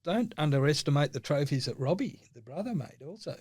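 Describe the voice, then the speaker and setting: A man's voice: on the high side, lively intonation, a little fast, darkish tone, slightly rough, dry recording, clean studio sound. An older Australian man, a podcast guest in casual chat, telling rambling anecdotes and laughing often.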